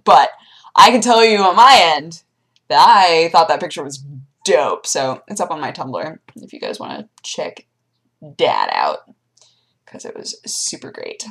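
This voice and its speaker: A young woman talks casually to her viewers in a fairly low voice that swings widely up and down. She tells animated stories and briefly jumps into high squeaky voices for her pets. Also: moderate pace, creaky. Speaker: vlogger. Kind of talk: casual chat.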